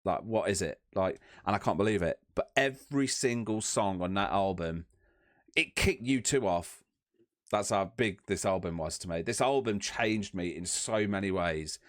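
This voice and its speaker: A man's voice: low voice, moderate pace, dry recording, clean studio sound. A young man chatting enthusiastically on a podcast, rambling and restarting his sentences. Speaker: podcast co-host. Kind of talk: casual chat.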